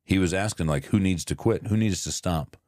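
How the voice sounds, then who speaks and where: A man's voice: low voice, a little fast, darkish tone, no echo, clean studio sound. A man in his thirties co-hosting a podcast in casual chat, acting out quotes as he tells stories and swearing freely. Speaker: podcast co-host.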